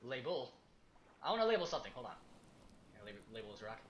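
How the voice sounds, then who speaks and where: A young man casually commenting as he plays a survival game, chatty and excitable, talking to himself and the objects in it. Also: mid-range voice, fast talker, muffled recording, slight background noise. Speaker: gaming YouTuber. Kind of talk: casual let's-play commentary.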